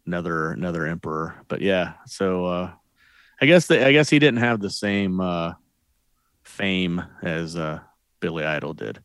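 A man co-hosting a casual talk show, laid-back and wry in his asides. His voice sits very low, recorded dry and close. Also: lively intonation, normal speed, a bit bright, smooth, no echo. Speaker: podcast co-host. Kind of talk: casual chat.

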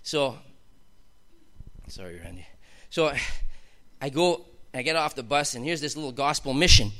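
A man's voice: medium pitch, animated, a little slow, sharp tone. A man telling his personal testimony to a congregation in an emphatic, storytelling way that builds to fervent outbursts. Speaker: testimony speaker.

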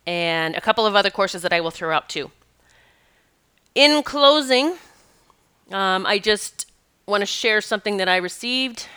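A woman's voice: fairly low pitch, pushed and bright, smooth. A woman hosting her own podcast in a chatty, gushing, emphatic way, telling listeners about people and her upcoming spiritual courses. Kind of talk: casual podcast chat.

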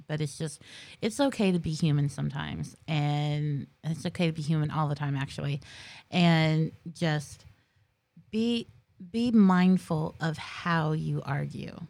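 A middle-aged woman hosting a casual podcast chat, telling stories in an animated way and laughing often. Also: sits low. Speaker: podcast host.

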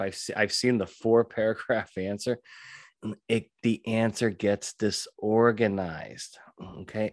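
A man hosting a solo podcast, talking emphatically, repeating key phrases and often clearing his throat. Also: medium pitch, no echo, clean studio sound. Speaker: podcast host and witness trainer.

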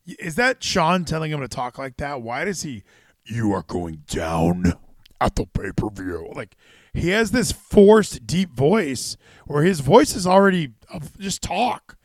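Male stream host, lively swooping pitch, rambling, excitable, dry sound. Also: unhurried, dry recording. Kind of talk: casual wrestling chat.

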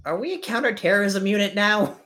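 A tabletop role-play player reacting with incredulous questions and trailing off mid-thought. The voice is bright and forceful, and it swings widely in pitch. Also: animated, fairly quick.

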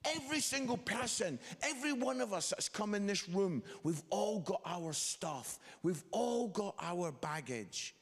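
Guy preaching, lively up-and-down voice, acts out stories, echoey hall. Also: high voice, a little slow, few pauses. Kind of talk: sermon with comic storytelling. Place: large hall. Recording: long hall reverb.

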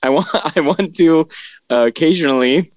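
A man's voice: fairly high pitch, moderate pace, no echo. A young man co-hosting a late-night podcast, giggling as he reads odd news aloud. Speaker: podcast co-host.

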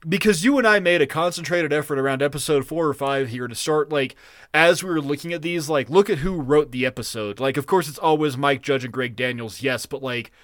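Excitable swearing male podcast host. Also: a little high, a little fast, dry recording, studio quality. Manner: rambling, profane, excitable. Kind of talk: casual chat.

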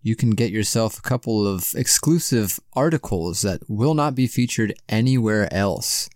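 A man's voice: on the low side, lively intonation, moderate pace, darkish tone, no room sound, studio quality. A man co-hosting a podcast in casual chat, loose and swearing freely as he laughs along. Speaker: podcast co-host.

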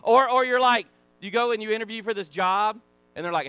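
A man with a Southern American accent teaching a Sunday school lesson, folksy and animated, acting out the people in the story. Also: sits high, fairly quick, clean tone, no room sound. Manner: animated, acts out voices, folksy asides. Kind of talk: casual Bible teaching.

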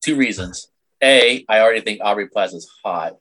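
A man's voice: fairly low pitch, moderate pace, fairly bright tone. A middle-aged man chatting as a podcast guest over a video call, blunt and crude with plenty of jokes. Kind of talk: casual podcast chat.

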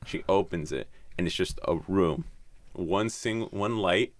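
A man's voice: sits low, a little slow, no room sound. A man casually retelling a horror story, rambling and swearing, with lots of "like". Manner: rambling, profane, heavy use of "like".

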